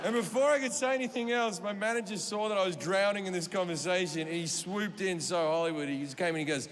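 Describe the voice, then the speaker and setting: A man telling a stand-up story, animated and profane, slipping in and out of voices at a live comedy show. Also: sits high, fast talker, few pauses, in a large hall.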